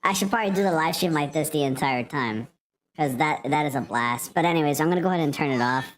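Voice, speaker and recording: A man talking through a pitch-shifting voice changer that makes him sound silly, with a chatty, goofy manner. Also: quick pace.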